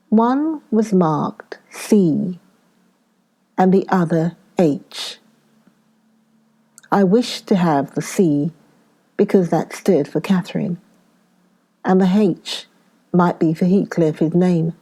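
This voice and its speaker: A woman reads a classic novel aloud as first-person storytelling. Her delivery is slow and deliberate, with expressive turns, and her voice is low-pitched and dark-toned with a mellow warmth. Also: breathy edge. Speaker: audiobook reader. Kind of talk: dramatic reading of a classic novel.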